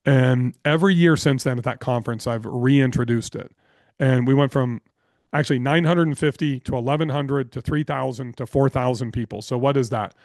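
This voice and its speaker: A man guesting on a podcast, telling business stories in an energetic, blunt way and swearing freely. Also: medium pitch, normal speed, no echo, studio quality. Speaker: podcast guest, real estate investor. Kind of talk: casual interview storytelling.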